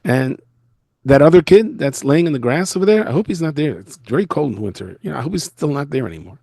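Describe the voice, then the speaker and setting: A man, a rabbi, giving a storytelling lecture from his office in a school, telling stories in an animated way. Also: fairly high pitch, quick pace, gravelly, dry recording. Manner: animated storyteller who acts out the people he quotes.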